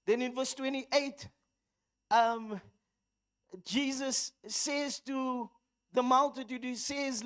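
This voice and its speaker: A South African woman preaching with a high, bright-toned voice. She tells stories at an easy pace, then rises into fervent repetition and calls to the congregation. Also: fairly even intonation, takes it slowly, pauses often, smooth. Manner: storytelling, rising into fervent exhortation. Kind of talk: sermon.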